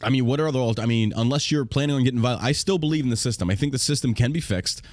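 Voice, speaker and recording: A man's voice: mid-range voice, very fast, dry recording, studio quality. An American man hosting a podcast, talking in a casual, profane and combative way, often laughing. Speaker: podcast host.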